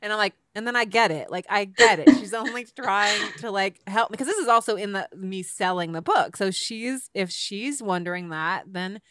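A woman hosting an interview, talking in a chatty, animated way with lots of fillers. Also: mid-range voice, normal speed, few pauses, dry recording, studio quality. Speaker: podcast host. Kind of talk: casual interview chat.

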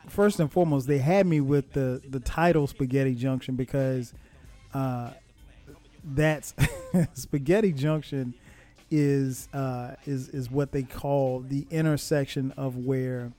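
A man's voice: mid-range voice, mellow. A man hosting a casual music podcast, rambling with lots of fillers and restarts. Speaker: podcast host. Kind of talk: casual music review chat. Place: home in Atlanta.

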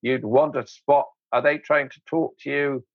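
A man, an interview guest, telling anecdotes in an animated way, laughing often and acting out voices. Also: medium pitch, moderate pace, no echo, phone-quality sound. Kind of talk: anecdotal storytelling.

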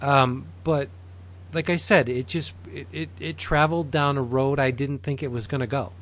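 A man's voice: mid-range voice, steady tone, fairly bright tone. A man co-hosting a casual podcast, chatting about comics and reading a sponsor plug. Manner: chatty, laughs easily, reads plugs briskly. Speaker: podcast co-host. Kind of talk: casual chat and sponsor read.

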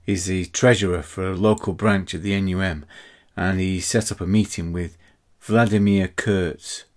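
A man voicing a male spy handler who briefs agents on a mission, in a brisk, measured way. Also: low-pitched.

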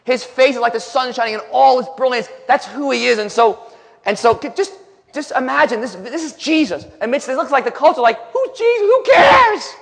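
High-voiced emphatic male preacher, echoing hall. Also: brisk, vocal fry. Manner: emphatic, reads scripture aloud and comments between verses. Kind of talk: sermon. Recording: long hall reverb.

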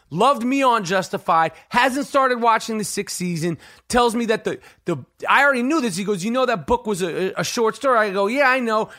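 A middle-aged man hosting a podcast, telling a rambling, profane story full of slang and excitement. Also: very high-pitched. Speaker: podcast host. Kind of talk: casual storytelling monologue.

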